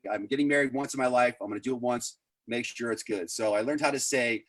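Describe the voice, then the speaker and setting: A man's voice: medium pitch, fast talker, dry recording. A middle-aged man doing rambling, self-deprecating stand-up over a video call, full of fillers. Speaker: stand-up comedian.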